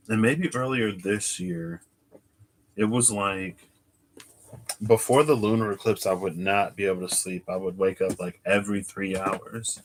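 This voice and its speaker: Over a noisy background, a man with a voice on the low side chats casually during a tarot livestream. He's from the United States, sounds sleepy and excuses his yawns while thinking aloud as he searches and reads chat.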